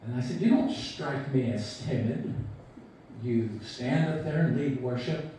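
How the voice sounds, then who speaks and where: A man in his sixties delivers a eulogy at a memorial, slowly and in a mellow voice. He tells anecdotes about a friend in an easygoing way, quoting him with light chuckles. He is recorded from far off in a very echoey hall, with faint room noise behind him. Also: medium pitch. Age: 60s. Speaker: eulogy speaker.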